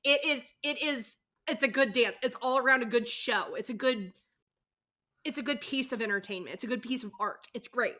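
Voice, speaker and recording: A woman's voice: a little high, normal speed, bright, forceful tone. A woman co-hosting a podcast, recapping a TV show in casual chat, candid and exasperated, swearing and laughing as she goes. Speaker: podcast co-host recapping episodes.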